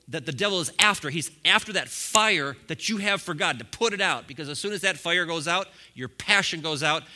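With a fairly high-pitched voice, this pastor delivers a sermon to his flock, shifting from hushed remarks to fiery, booming moments and laughing frequently along the way.

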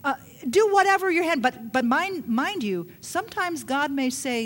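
A woman's voice: high voice, lively intonation, moderate pace, hardly any pauses, a little hiss or hum. A woman pastor preaching a sermon, emphatic, with repeated rhetorical questions.

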